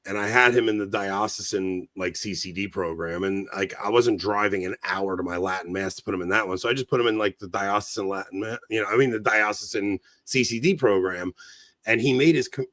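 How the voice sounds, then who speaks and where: A middle-aged man on a casual podcast, telling an animated story that grows heated. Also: fairly low pitch, dry recording. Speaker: podcast co-host.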